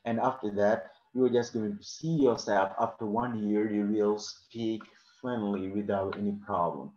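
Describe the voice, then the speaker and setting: A man's voice: on the low side, fairly even intonation, a little slow, a little mellow, echoey room, dull audio, slight background noise. A man teaching an English lesson live online, answering questions from the chat and often adding "okay" and "of course".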